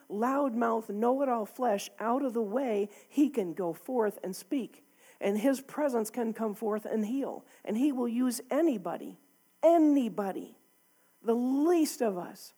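A woman's voice: a little high, dark tone, husky. A woman preaching a sermon to a congregation in a church, talking candidly and conversationally, often with a laugh.

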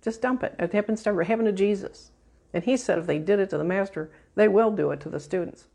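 A woman's voice: medium pitch, gravelly, dark tone, breathy edge. A woman minister teaching a sermon emphatically and leading her listeners through a spoken prayer. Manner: uneven pace, quick bursts and slow stresses.

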